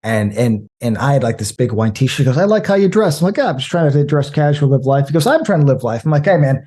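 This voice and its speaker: A man talking casually about movies, rambling and animated, with frequent restarts. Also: medium pitch, fast talker. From American Midwest. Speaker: podcast guest.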